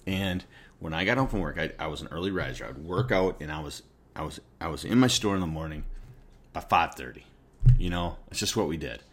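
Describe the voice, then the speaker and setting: A man's voice: deep voice, fairly bright tone. A middle-aged man at home, talking casually to the camera in a rambling, conversational way. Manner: rambling and conversational, often circles back on his point. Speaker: vlogger. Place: at his home.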